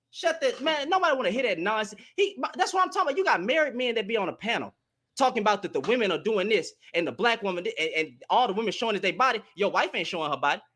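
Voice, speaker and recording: A man's voice: high voice, a bit bright. A man, arguing in a heated panel debate, preachy and impassioned, firing off questions. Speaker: panel guest.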